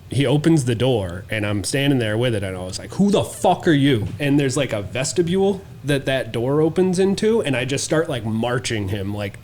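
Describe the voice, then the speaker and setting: A man's voice: mid-range voice, a little mellow, slight background noise. A man co-hosting a podcast, telling a wild story in casual, profane chat and acting out the quotes. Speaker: podcast co-host.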